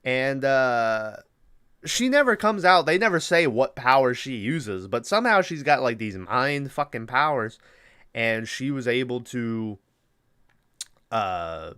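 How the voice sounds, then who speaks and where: A man's voice: mid-range voice, very animated, takes it slowly, pushed and bright, clear, resonant tone, dry recording, clean studio sound. A man hosting a podcast, casually retelling a movie plot in a rambling, profane way with lots of fillers. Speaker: podcast host.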